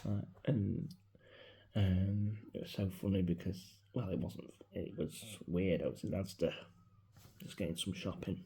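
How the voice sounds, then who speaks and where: A man, talking casually and reflectively into his phone in a personal vlog, his voice often dropping to a soft mutter. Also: low voice, steady tone, unhurried, creaky, slight background noise. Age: 40s. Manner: rambling, reflective, grieving, drops into soft mutters. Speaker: vlogger. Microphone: mobile phone.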